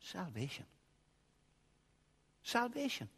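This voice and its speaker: A man preaching a sermon, swinging from quiet asides to loud, shouted passages. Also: high-pitched, huge pitch swings, slow, slightly rough. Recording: long hall reverb.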